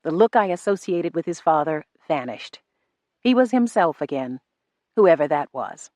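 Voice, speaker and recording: A woman reading a novel aloud in first person, measured and restrained. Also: low-pitched, lively intonation, darkish tone, no echo. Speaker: audiobook narrator. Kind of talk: first-person audiobook narration.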